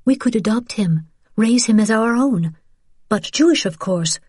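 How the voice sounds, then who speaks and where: A woman's voice: a little high, lively intonation, measured pace, darkish tone, husky, no echo, clean studio sound, pitched above the performer's own voice. A woman reading the part of a young mother who speaks earnestly and pleads with feeling. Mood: earnest pleading.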